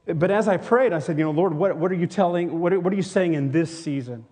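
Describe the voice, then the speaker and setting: A man's voice: on the high side, fairly quick, dark tone, husky. A man raised in Tennessee, preaching a sermon as pastor, earnest and rambling with many restarts. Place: church.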